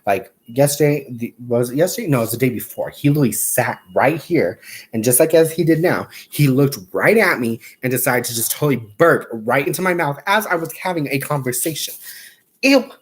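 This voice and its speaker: Man, craft livestream host: sassy, gossipy, mid-pitched, chats with viewers. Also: animated, a little fast, breathy edge. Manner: chatty and sassy, with playful asides. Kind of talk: casual livestream chat.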